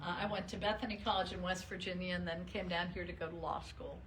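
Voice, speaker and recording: An older woman from the northern United States speaks to an audience in a bright, clear voice. She is chatty and self-deprecating and laughs easily. A faint background noise runs under her words. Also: lowish voice, steady tone, quick pace, rough recording. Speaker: retired state supreme court justice, guest speaker. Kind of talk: talk and audience Q&A.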